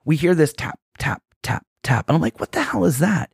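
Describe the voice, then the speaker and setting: A man co-hosting a podcast, telling a rambling, animated story with lots of restarts and quoted asides. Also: a little high, moderate pace, gravelly, husky, no echo, studio quality. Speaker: podcast co-host. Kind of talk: casual chat, storytelling.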